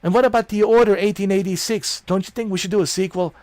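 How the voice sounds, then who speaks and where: A man's voice: high voice, fast talker, darkish tone, no room sound, voice pushed up, lightly acted. A man doing an impression of an executive pleading his case, only lightly changing his voice.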